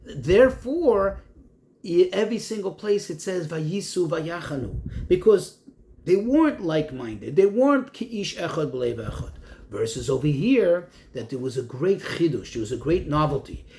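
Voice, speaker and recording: Rabbi giving a Torah class, man a high voice and a lively pitch swinging up and down, who asks questions and then explains. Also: normal speed. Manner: poses questions then answers them, reads Hebrew phrases and translates. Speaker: rabbi teaching a text class.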